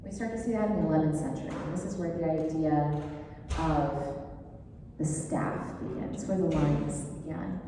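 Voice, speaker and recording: A woman with a low voice lectures a class at a moderate pace, casual, chatty and enthusiastic, with plenty of fillers. The hall is echoey, she's far from the mic, and there's background noise.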